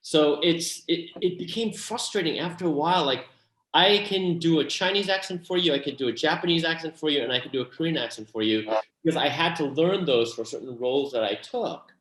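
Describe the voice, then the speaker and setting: A man, an actor and playwright, giving earnest, animated answers in an interview, with many restarts and asides. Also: a little high, brisk, reverberant, rough recording.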